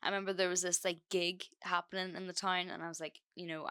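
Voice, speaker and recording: A young woman hosts her own podcast and tells a personal story straight into the mic. Her voice sits a little low for a woman. She talks casually and swears freely, with "like" in almost every sentence. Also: level tone, fast, few pauses, pushed and bright, smooth. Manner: chatty, sweary, lots of "like" fillers. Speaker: podcast host.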